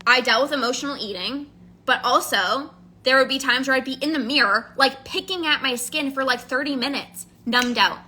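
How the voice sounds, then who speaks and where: Woman coach, high bright voice, earnest and emphatic, repeats herself for stress. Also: normal speed. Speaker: emotional eating coach. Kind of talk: casual candid monologue.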